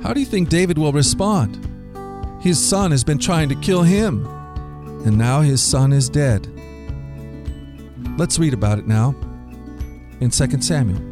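A man hosting a daily Bible reading show for children, reading scripture and giving a short devotional, slowing down to stress key lines. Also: medium pitch. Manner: expressive storyteller, slows down for emphasis.

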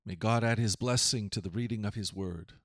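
A man reading scripture aloud and then preaching, in a solemn, measured way with dramatic swells. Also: lowish voice, no room sound, clean studio sound.

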